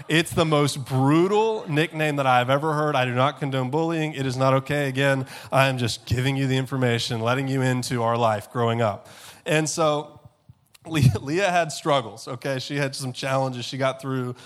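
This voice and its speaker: A male pastor delivering a sermon in an animated storytelling manner, voice sitting in an ordinary middle range. He punctuates with "okay?" asides and often doubles his words. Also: mid-range voice. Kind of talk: sermon with a comic personal story.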